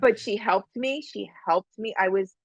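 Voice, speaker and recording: A woman's voice: mid-range voice, a little slow, breathy edge, dry recording. A woman guest on a podcast, telling a personal story earnestly and repeating phrases for emphasis. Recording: dull, lo-fi, dry sound.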